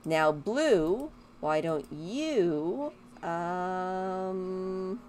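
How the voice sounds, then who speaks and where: Slow-talking woman chatting over a game. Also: on the low side, expressive, darkish tone, slight background noise. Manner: chatty, rambling, talks to her game characters. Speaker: gaming YouTuber. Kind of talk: casual let's-play commentary.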